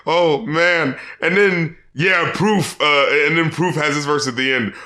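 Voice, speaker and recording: A man co-hosting a podcast, reviewing an album in casual, animated chat, swearing and laughing often. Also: a little high, unhurried, reverberant. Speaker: podcast co-host.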